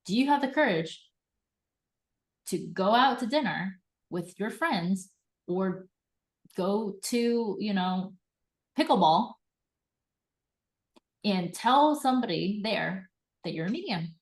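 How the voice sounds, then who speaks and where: A woman hosting a live card reading, enthusiastic and animated, acting out little quoted voices as she coaches. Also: mid-range voice, slow, pauses often. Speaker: host and intuitive reader.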